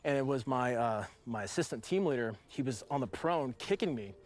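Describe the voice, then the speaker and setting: A man's voice: mid-range voice, expressive, brisk. A man in his forties, a veteran guest, telling a long story in a loose, rambling way full of fillers. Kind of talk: casual storytelling.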